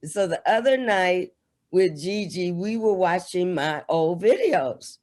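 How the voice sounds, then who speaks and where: A woman's voice: on the low side, animated, takes it slowly, darkish tone. A woman, the interview guest, chatting effusively over a video call. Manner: effusive, exclaiming. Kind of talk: casual video-call conversation.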